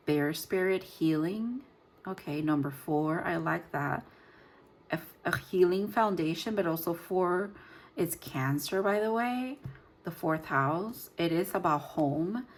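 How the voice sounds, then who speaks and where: A woman's voice: on the low side, unhurried. A woman giving a casual tarot reading, rambling and searching for her words with frequent fillers. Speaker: tarot reader.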